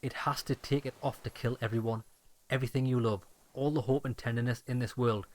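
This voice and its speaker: A man's voice: mid-range voice, steady tone, fairly quick, natural voice. A man voicing a frail, bitter old deserter soldier who speaks in grim, clipped phrases. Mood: haunted.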